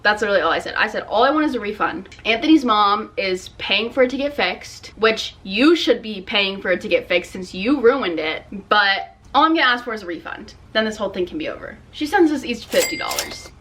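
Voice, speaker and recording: A woman's voice: medium pitch, big pitch swings, a little fast, hardly any pauses, a bit bright. A young woman telling a storytime vlog in a casual, profane, exasperated way, with frequent "like". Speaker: vlogger.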